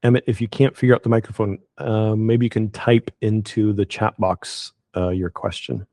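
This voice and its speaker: A man hosting an online webinar as an estate planning attorney, talking in a relaxed, conversational way with frequent fillers. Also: lowish voice, normal speed, no echo, clean studio sound. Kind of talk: casual webinar wrap-up.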